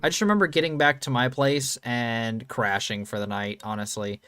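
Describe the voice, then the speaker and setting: A young man in casual chat, spinning a story at a loose, meandering pace. He swears easily and fills pauses with ums. Faint guitar music plays in the background. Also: mid-range voice, sharp tone, clear, resonant tone. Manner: rambling, loose, swears freely, many ums. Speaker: streamer.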